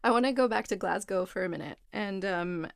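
A woman's voice: mid-range voice, a little fast, vocal fry, dry recording, studio quality. A woman interviewing a guest, supportive and asking questions in a casual way. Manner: supportive, asks questions with many "like" fillers.

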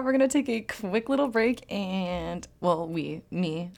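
A woman's voice: medium pitch, gravelly. A woman hosting a solo podcast in casual chat, rambling and giggling often, with self-deprecating humor. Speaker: podcast host.

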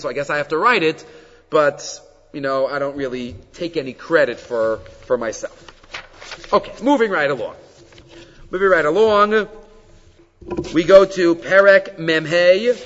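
A man teaching a Torah class on the weekly portion, telling stories with animated energy and mixing Hebrew quotes into English explanation. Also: fairly high pitch. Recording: dull recording with long hall reverb.

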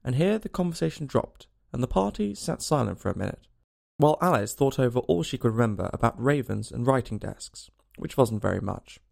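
A man narrating a storybook in an expressive way. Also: medium pitch, fairly quick, creaky. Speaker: reader.

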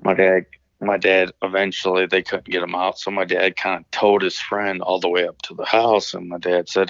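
A man's voice: deep voice, completely flat delivery, normal speed, few pauses, a bit bright, no echo, muffled recording. A man from Illinois, calling in to a show, telling a story casually, rambling and swearing with many restarts. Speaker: caller telling stories.

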